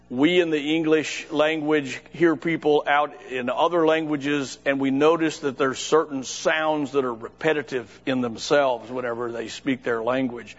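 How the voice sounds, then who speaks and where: A man preaching a sermon in a conversational way, acting out scripture quotes with lively emphasis. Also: mid-range voice. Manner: conversational, with restarts and dramatic quoted voices. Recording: dull sound with long reverb.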